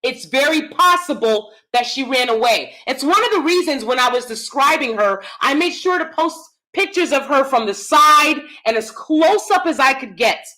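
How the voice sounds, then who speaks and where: A woman's voice: sits high, animated, normal speed, few pauses, bright, forceful tone. A woman hosting a commentary vlog, who speaks emphatically and often asks her viewers questions directly. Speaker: channel host; theater actor.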